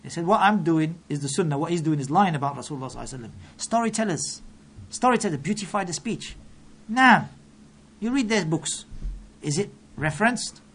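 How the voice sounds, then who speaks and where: A man preaching a sermon, emphatic and full of rhetorical questions, reciting scripture quickly in between. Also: fairly high pitch, lively intonation, fairly bright tone, husky.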